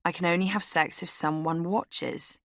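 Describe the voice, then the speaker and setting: A woman's voice: fairly low pitch, fairly even intonation, normal speed, fairly bright tone, no echo, clean studio sound. A woman voicing a pushy young man with a French accent, speaking in an offhand, coaxing way.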